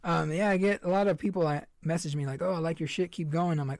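A man's voice: on the high side, fast, creaky, a little mellow, dry recording. A young man hosting a podcast, chatting casually in a rambling, laid-back way and swearing a lot. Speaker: podcast host. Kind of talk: casual chat.

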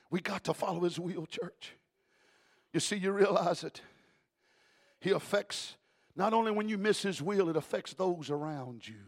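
A man preaching a sermon, moving between quiet storytelling and shouted exhortation. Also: fairly high pitch, creaky, husky. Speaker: pastor.

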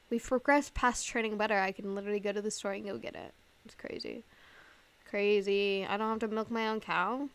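A woman's voice: medium pitch, a little fast. A young woman hosting a casual solo podcast, rambling with lots of fillers, swearing and laughing at herself. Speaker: podcast host.

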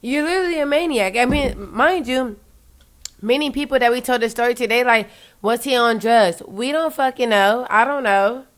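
A woman joins in to retell a story. She speaks emphatically, swears often and leans on the word literally. Her voice is fairly high, smooth and clear. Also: moderate pace. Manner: emphatic, profane, repeats "literally". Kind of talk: casual storytelling chat.

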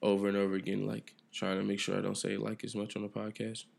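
Male solo podcast host, low and gravelly, reflective, profane, rambling monologue. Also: monotone, fast talker. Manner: reflective, loose and profane, trails off and restarts.

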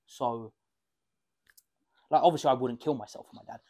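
A man's voice: mid-range voice, normal speed, a little mellow. A young man, co-hosting a podcast, swearing freely and searching for words. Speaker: podcast co-host. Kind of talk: casual chat.

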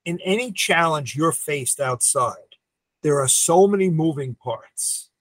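A man's voice: on the high side, measured pace, no room sound. A veteran optician in his seventies, a man telling stories with emphatic energy as a podcast guest. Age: 70s. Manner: animated storyteller, emphatic. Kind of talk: casual podcast conversation.

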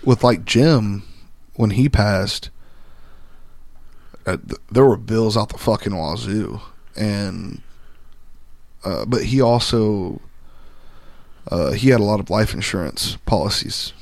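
A man's voice: on the low side, expressive, slow pace, pauses often, a little mellow, dry recording. A man telling stories in a casual podcast chat, emphatic and swearing now and then.

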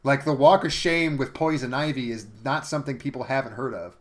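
A man's voice: mid-range voice, brisk. A man co-hosting a podcast, recapping episodes in a sarcastic, profane way. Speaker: podcast co-host. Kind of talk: casual chat.

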